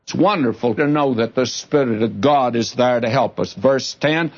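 A man's voice: medium pitch, normal speed, hardly any pauses, dull audio. A man teaching the Bible in an earnest, direct way, reading scripture aloud and then explaining it.

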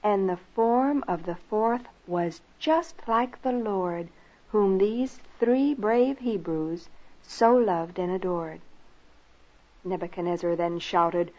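Slow, husky woman telling a rhyming story. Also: medium pitch. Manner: slow, expressive, sing-song. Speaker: narrator and teacher. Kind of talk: rhyming storybook narration for children. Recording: lo-fi recording with soft music.

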